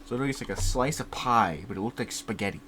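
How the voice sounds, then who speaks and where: A man's voice: mid-range voice, fast, bright, forceful tone, a little hiss or hum. A young man in his twenties hosting a casual solo chat, rambling and laughing often, with casual swearing, on a desk mic at home. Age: 20s. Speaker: podcast host. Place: home recording setup by a computer. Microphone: desk mic set higher, farther from computer.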